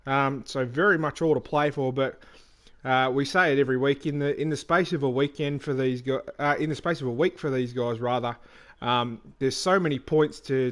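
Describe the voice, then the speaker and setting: A man giving casual commentary on an online racing league he also drives in, relaxed, with many fillers and restarts. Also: medium pitch.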